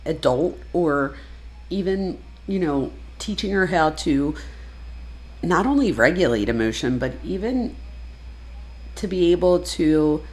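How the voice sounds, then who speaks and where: A woman commentating on a true crime case, emphatic and exasperated, with loud bursts. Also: sits low, poor audio. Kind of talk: reaction commentary.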